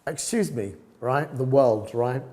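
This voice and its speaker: An older man, a photographer guest, telling stories in an animated, laughing way, peppering his talk with "right?". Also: mid-range voice, takes it slowly. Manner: lively, laughing, tag questions like "right?". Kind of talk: animated storytelling interview. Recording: long hall reverb.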